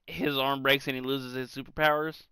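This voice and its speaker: A man's voice: mid-range voice, flat delivery, moderate pace, sharp tone, clean tone, no room sound. A man co-hosting a casual podcast, reacting with short quips and questions. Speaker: podcast co-host.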